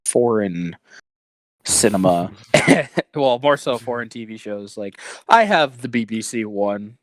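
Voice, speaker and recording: A man's voice: fairly low pitch, lively intonation, takes it slowly. Man making dry joking asides. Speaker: podcast co-host. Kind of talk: casual chat.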